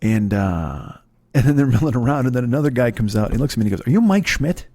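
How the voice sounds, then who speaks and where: A man's voice: mid-range voice, expressive, fast talker, vocal fry, warm tone, dry recording, clean studio sound. Rambling, swearing middle-aged man storyteller. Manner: rambling, profane, self-deprecating, many restarts. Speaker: podcast host. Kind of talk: casual storytelling monologue.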